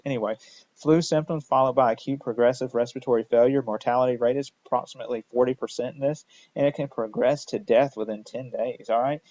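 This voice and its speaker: A man's voice: mid-range voice, a little mellow. Casual joking male lecturer, lo-fi. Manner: casual, jokey, constant "all right?" check-ins. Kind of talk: recorded lecture. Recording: dull lo-fi dry recording.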